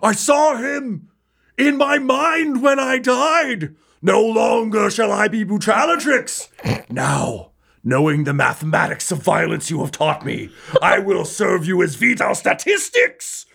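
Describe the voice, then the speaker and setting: A man voicing a beaten gladiator who swears fervent loyalty, proclaiming loudly and solemnly in a tabletop game. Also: sits high, animated, a little slow, creaky, slightly rough, voice pushed up, heavily acted. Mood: zealous. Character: defeated gladiator turned fervent male follower. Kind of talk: tabletop game role-play.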